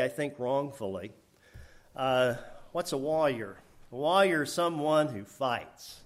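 An older man preaching a sermon in a lively, laughing way, rising to emphatic high bursts.

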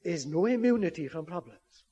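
A man's voice: high-pitched, animated, normal speed, dark tone, slightly rough, muffled recording. A man preaching a sermon to a congregation, earnest and building to emphatic appeals.

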